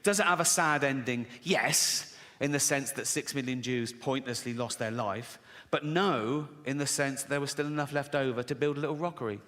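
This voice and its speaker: A man's voice: mid-range voice, moderate pace, hardly any pauses, noisy background. Guy doing standup, sardonic, swears a lot, laughs at his own jokes, echoey hall. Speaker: comedian. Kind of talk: stand-up routine.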